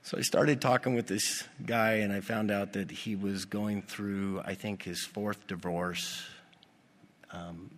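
A male pastor preaching a sermon, animated and putting rhetorical questions to his congregation. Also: fairly low pitch, takes it slowly. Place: church. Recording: long reverb of a church hall.

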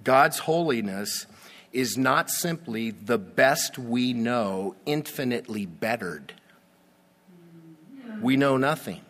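A man preaching a sermon, slow and emphatic, with dramatic pauses and sudden swells in volume. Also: on the low side, fairly bright tone, a little hiss or hum. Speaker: pastor.

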